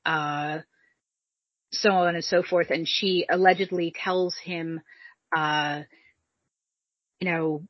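A woman's voice: fairly low pitch, steady tone, slow pace, pauses often, no echo. A woman co-hosting a casual history chat, chatty, with lots of fillers. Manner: chatty, many fillers, acts out quotes. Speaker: podcast co-host. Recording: dull, dry close mic.

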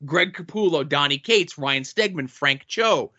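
A bright, fairly high-voiced man co-hosts a casual podcast and works through long guest lists with deadpan asides. His voice comes through dull, lo-fi audio. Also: a little slow. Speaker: podcast co-host.

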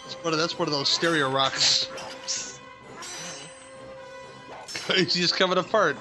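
A man's voice: a little high, unhurried, over music, low-quality recording. A man co-hosting a casual film commentary podcast, wisecracking and laughing a lot. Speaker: podcast co-host.

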